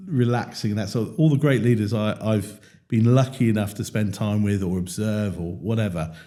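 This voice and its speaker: British guy hosting a leadership podcast, mellow voice, lively storytelling, acts out the quotes. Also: on the low side, normal speed. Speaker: podcast host. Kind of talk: casual conversation.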